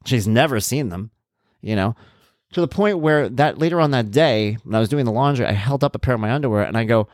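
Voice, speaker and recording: This podcast host, a man in his thirties, talks fast, and the recording is dry with studio quality. Animated, he plays both parts of a conversation in a casual story, his voice leaping high when he quotes himself.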